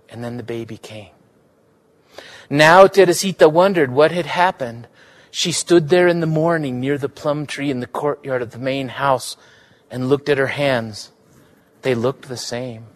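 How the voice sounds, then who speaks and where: A man giving a live reading of literary fiction, measured and unhurried in his storytelling. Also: mid-range voice. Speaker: reader.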